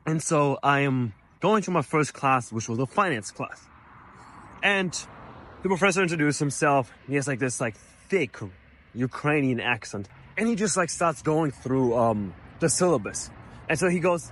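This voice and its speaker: A young man tells a college story straight to camera. His voice runs a little high for a man, and he keeps it animated and casual, scattering "like" and "you know" throughout. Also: moderate pace, slight background noise. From Germany. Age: young adult. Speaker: vlogger, college student.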